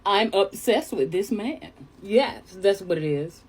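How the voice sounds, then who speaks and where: A young woman from New York telling a chatty storytime tale, animated and calling listeners honey. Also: medium pitch, moderate pace, slightly rough. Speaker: storyteller vlogger. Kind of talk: casual storytime monologue.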